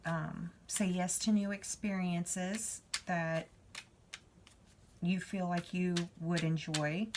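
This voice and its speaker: A woman's voice: on the low side, fairly even intonation, slow pace, background noise. A woman giving a spiritual card reading, talking to the viewer in a chatty, reassuring way. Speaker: tarot reader.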